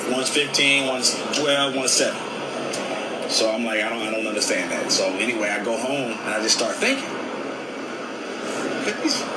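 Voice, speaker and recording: A man tells his story in a loose, rambling way, stumbling over his words and circling back to the same points. His voice sits in a mid range. It carries a strong echo with a loud wash of background noise behind it. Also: medium pitch. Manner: rambling, repeats himself, halting restarts. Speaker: father telling his story. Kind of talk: casual storytelling.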